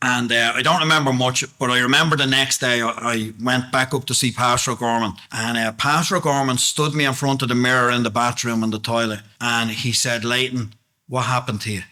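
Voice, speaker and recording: Man, testimony sermon, bright forceful voice, earnest, plain-spoken. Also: medium pitch, fairly even intonation, a little fast, few pauses. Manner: earnest, plain-spoken, asks the congregation questions. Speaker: preacher giving testimony.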